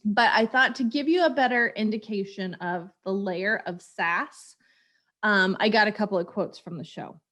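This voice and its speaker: Woman, 30s, podcast co-host; chatty, animated, laughs easily, mid pitch. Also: moderate pace. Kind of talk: casual chat.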